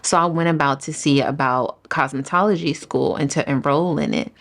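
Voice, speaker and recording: A woman, a salon owner, giving an earnest personal faith testimony in an interview, telling her story in an animated way. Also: sits low, moderate pace.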